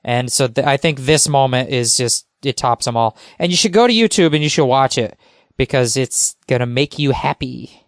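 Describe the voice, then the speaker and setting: A man is a guest on a podcast, talking at a middle pitch. His voice is smooth and crisp, and it sounds close and dry. He rambles eagerly and fills his speech with "you know" and "like.". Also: expressive, normal speed, no echo. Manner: enthusiastic, rambling, many fillers. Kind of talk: casual podcast chat.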